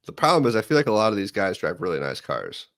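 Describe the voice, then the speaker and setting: A man talks football casually in a fairly low voice. He spins long, joking hypotheticals in a playful way. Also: big pitch swings, fast, a bit bright. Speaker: sports podcaster. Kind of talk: casual sports chat.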